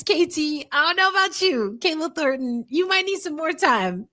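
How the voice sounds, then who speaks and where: Bright, high-pitched woman, animated. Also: normal speed, hardly any pauses. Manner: animated, emphatic, playful. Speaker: podcast co-host. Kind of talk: casual sports chat.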